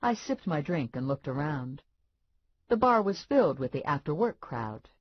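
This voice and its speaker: A woman narrating an audiobook in first person, wry and expressive with deadpan asides. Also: sits low, normal speed, husky, no echo. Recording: dull lo-fi dry audiobook recording.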